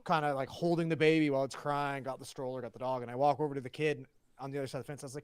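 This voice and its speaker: A man co-hosts a podcast and tells a story in casual chat, acting out each side of the exchange and swearing freely. His voice sits at an ordinary pitch. The mic is close and dry, with no room sound. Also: racing, smooth, no room sound. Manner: animated, swearing, acts out dialogue. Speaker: podcast co-host.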